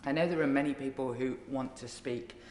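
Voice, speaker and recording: A woman's voice: a bass voice, fairly even intonation, fairly quick, slight background noise. A woman with a Birmingham accent, a member of parliament giving a tribute speech that mixes fond jokes with laughter. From Birmingham, England. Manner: warm, joking, laughs between phrases. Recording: echoey chamber with long reverb.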